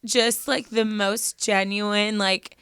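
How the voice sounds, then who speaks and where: A woman's voice: medium pitch, flat delivery, slow pace, a bit bright, clean tone, no echo, studio quality. A young woman co-hosting a podcast, chatting candidly with lots of "like" fillers. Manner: chatty, heavy use of "like", candid and personal. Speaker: podcast co-host. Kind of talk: casual chat.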